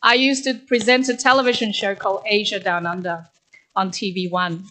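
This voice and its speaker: A woman's voice: mid-range voice, fairly even intonation, normal speed, sharp tone. A middle-aged woman from Korea, a guest speaker telling personal stories at a graduation in a conversational, candid way. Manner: conversational, candid, with frequent "actually". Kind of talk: ceremonial speech, personal storytelling.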